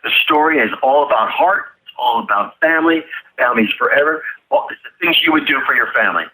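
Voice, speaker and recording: A man guest on an interview podcast, telling animated stories about his acting career and laughing often. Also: medium pitch, quick pace, low-quality recording. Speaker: actor guest. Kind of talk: casual interview storytelling.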